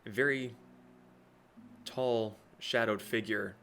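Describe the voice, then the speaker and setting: A man's voice: on the low side, steady tone, takes it slowly, a bit bright, slight background noise. A man narrating as game master of a tabletop game, with a rambling delivery full of fillers and restarts.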